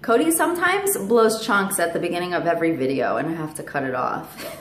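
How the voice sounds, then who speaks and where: A woman's voice: lowish voice, lively intonation, a little fast, echoey room, a little hiss or hum. A woman vlogger telling a casual story to camera at home, chatty, with fillers and asides to her parrot.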